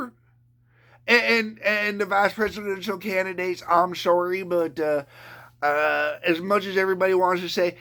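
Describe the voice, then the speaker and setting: A man's voice: sits high, steady tone, takes it slowly, gravelly, bright, forceful tone. A man from Canada ranting to camera, profane and rambling, often stumbling over his words. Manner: profane, rambling, stammering rant. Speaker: vlogger.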